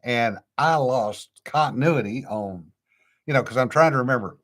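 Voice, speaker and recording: A man's voice: medium pitch, normal speed, fairly bright tone. A middle-aged man with a slight Cajun accent, co-hosting a casual chat in a laid-back, drawling way. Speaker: podcast co-host.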